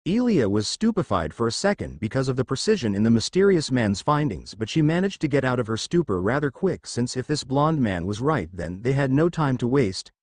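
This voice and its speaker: A man's voice: medium pitch, big pitch swings, brisk, hardly any pauses, darkish tone, dry recording. A man reading fan fiction aloud as a narrator, telling the story expressively. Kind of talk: scripted fanfic narration.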